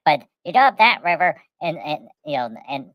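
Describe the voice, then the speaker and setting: A woman's voice: low-pitched, sing-song, normal speed, no room sound, muffled recording. Rambling woman telling a silly tale. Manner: rambling, repeats words, speaks of herself in third person. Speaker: podcast host. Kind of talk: rambling comic storytelling.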